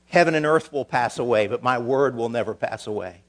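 Pastor man preaching, goes quiet then real loud and emphatic. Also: mid-range voice, fairly quick. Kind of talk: sermon.

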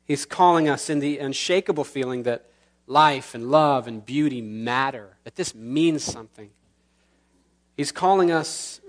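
Earnest man preaching a sermon. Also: medium pitch. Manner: earnest preaching with slow emphatic pauses, closing in prayer. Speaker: pastor. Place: church sanctuary.

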